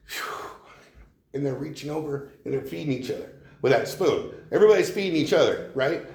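A man's voice: medium pitch, brisk, a little mellow. Middle-aged guy sharing his story at a meeting podium, casual and candid, lots of "you know", roomy echo. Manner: candid and conversational, leans on "you know", chuckles often. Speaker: speaker sharing at a recovery meeting. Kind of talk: personal testimony.

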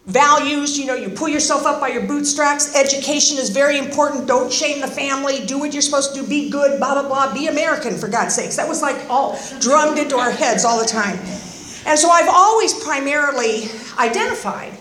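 An older woman from Northern California shares her story at a recovery meeting, wry and self-deprecating, full of chatty asides. Her voice is high, and the sound rings in an echoey room. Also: fairly quick, a bit bright. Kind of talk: personal storytelling talk.

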